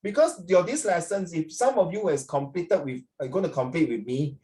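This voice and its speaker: Singaporean male teacher, joking and chatty, slightly high voice, video-call class. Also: lively intonation, moderate pace, dark tone. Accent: Singaporean English. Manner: chatty, joking, mixes in Mandarin. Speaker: English teacher.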